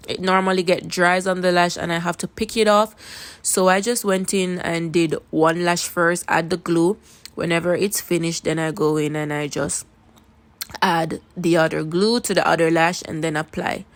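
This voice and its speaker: A woman with a Jamaican accent talking casually through a makeup tutorial into a phone camera, chatty and repeating words for emphasis. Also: fairly low pitch. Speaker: makeup vlogger.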